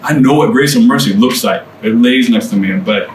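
A man's voice: mid-range voice, fairly quick. A man giving his testimony to a small group in a casual, earnest way, often adding "man" and repeating phrases for emphasis. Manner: casual and conversational, peppered with "man" and "dude". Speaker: guest speaker sharing his testimony. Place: indoor room with a small group of listeners. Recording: echoey room, voice picked up from a distance, faint background hum.

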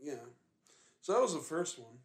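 A man's voice: a little high, big pitch swings, normal speed. A young man co-hosting a podcast in casual chat, rambling along with lots of ums and uhs in a laid-back way. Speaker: podcast co-host. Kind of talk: casual chat about ghost recordings.

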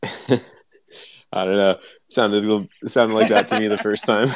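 A man's voice: on the low side, measured pace, no room sound. A man in a casual live audio chat, chuckling and joking dryly.

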